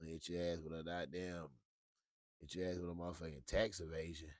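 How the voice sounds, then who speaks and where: A man hosting a casual talk show, ranting with lots of profanity and animated swings into high yelps. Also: fairly quick, no room sound, clean studio sound. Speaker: show host.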